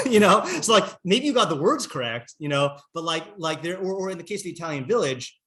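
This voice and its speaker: A middle-aged man, a rabbi, teaching a casual class, chatty and quick to laugh, often breaking off mid-sentence. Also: on the high side, animated, pushed and bright.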